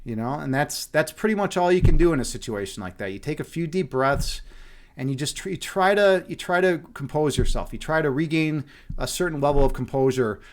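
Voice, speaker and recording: A young man from Chicago talks loosely to his live-stream viewers, his voice sitting a little higher than most men's. He rambles, restarts his sentences and swears now and then, in easy casual chat. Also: fairly quick. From Chicago, USA. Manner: rambling, many restarts and fillers, frequent swearing. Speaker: streamer, meditation host.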